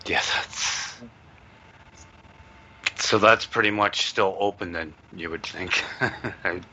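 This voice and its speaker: A man's voice: sits low, slow, sharp tone, slightly rough. A man hosting a radio interview, giving short reactions and thinking aloud as he clicks through a website. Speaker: radio host. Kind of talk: casual interview chat. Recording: dull lo-fi sound with faint hiss.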